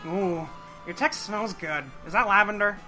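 A man reads as a foul-mouthed young alien troll with a nasal, high, bright voice, mocking and insulting at every turn. He argues contrarily and picks at everything said to him. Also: unhurried, soft background music, heavily acted. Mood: taunting.

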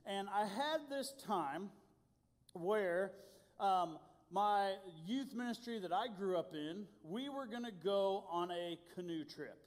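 A youth pastor from Indiana preaching a sermon, telling stories in an animated, self-deprecating way. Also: male voice, sits high, slow. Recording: long hall reverb.

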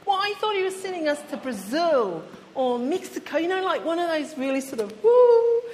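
A woman's voice: sits high, very animated, brisk. A woman preaching a sermon in a chatty storytelling way, speaking straight to her listeners. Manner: chatty, addresses listeners directly. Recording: long hall reverb, faint background hum.

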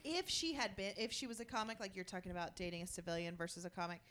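A woman in casual podcast chat who teases the others with quick remarks. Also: mid-range voice, fairly bright tone.

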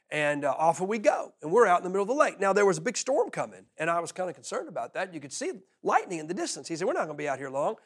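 Pastor, middle-aged man, animated sermon storyteller, voice swings widely. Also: on the high side. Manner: animated storyteller, laughs often, repeats words.

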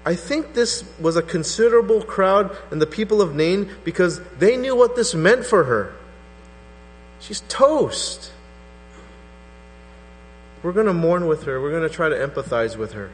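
A man preaching a sermon as pastor, animated and acting out skeptical voices. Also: on the high side, brisk, few pauses. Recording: hall reverb with faint mains hum.

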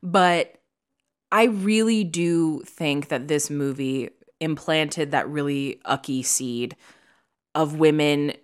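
Low-voiced opinionated young woman. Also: takes it slowly, clear, resonant tone. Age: young adult. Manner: opinionated, emphatic, chatty. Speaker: podcast co-host. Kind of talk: casual chat.

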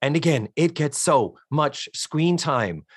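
Male co-host, animated and salty, fairly high voice, dry close sound. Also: slow, husky, no echo. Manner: animated, profane, acts out lines in character voices. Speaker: podcast co-host. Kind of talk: casual chat.

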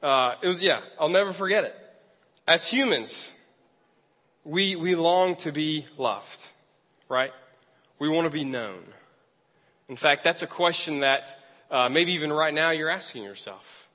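Bright-voiced man preaching in a hall. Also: fairly high pitch, lively intonation, unhurried. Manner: self-deprecating, chatty, laughing at himself. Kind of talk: storytelling sermon. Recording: long hall reverb.

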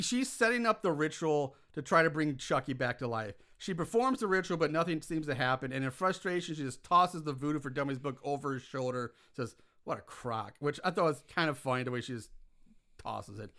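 Bright-voiced man recapping a movie. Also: on the high side. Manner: animated, swears when worked up. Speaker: podcast co-host recapping a film. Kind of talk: casual chat.

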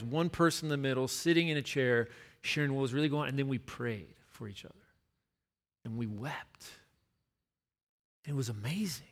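Bright-voiced man preaching a sermon. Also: mid-range voice. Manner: conversational storytelling with emphatic repetition. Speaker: pastor.

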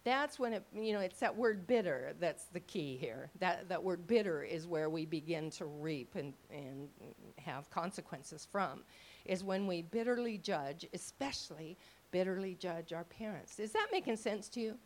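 An older woman teaching a live audience in a chatty way, acting out quoted thoughts in lively voices and often checking that listeners follow. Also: on the low side, normal speed. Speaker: ministry teacher.

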